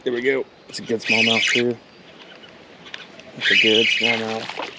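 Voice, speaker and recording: Guy fishing a creek, excited, chatting to the fish, water noise clear in the background. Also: medium pitch, a little slow. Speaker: fishing vlogger. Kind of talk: casual outdoor commentary. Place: outdoors by a creek. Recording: outdoor camera audio with water noise. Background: running water and outdoor noise.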